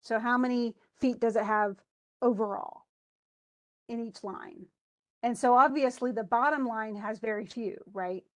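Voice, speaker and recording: Woman, fairly high voice, classroom lecture, reads poetry with heavy stresses, taps out rhythm syllables, questions to students. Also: unhurried. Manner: thinks aloud with restarts, asks students questions. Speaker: English instructor. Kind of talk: classroom lecture on poetic meter.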